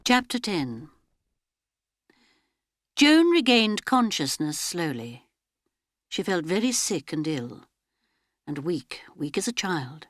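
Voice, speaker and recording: A woman's voice: fairly low pitch, very animated, takes it slowly, long pauses, no room sound, studio quality. A woman narrating an audiobook dramatically, often dropping to a whisper.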